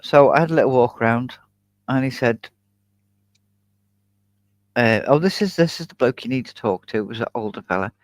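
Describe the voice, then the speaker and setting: A man's voice: medium pitch, animated, normal speed, pauses often, no room sound. A man hosting a casual chat, telling a long anecdote in a chatty storytelling way and laughing often. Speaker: YouTube channel host.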